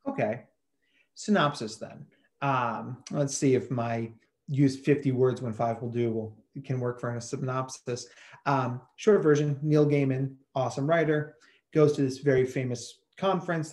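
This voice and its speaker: An energetic man presents a webinar over a video call, talking in a casual and enthusiastic way. His voice sits at a middle pitch, and he often repeats words mid-sentence. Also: normal speed. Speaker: presenter, psychologist.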